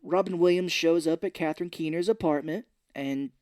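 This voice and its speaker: A man's voice: a little high, fairly quick, clean tone, dry recording, studio quality. A man co-hosting a casual film podcast, animatedly retelling the plot scene by scene. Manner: animated retelling with playful put-on voices. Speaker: podcast co-host. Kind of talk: casual film recap chat.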